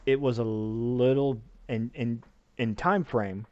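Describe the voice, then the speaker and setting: A man's voice: medium pitch, steady tone, slow, no room sound, muffled recording. A man playing in a tabletop game, explaining plainly in casual chat. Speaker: player.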